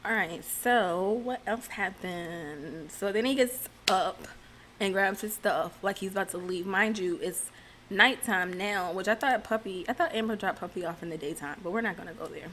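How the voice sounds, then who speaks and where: A woman's voice: mid-range voice, normal speed, a little hiss or hum. A woman casually recapping a reality TV episode in a chatty way, dropping sarcastic asides.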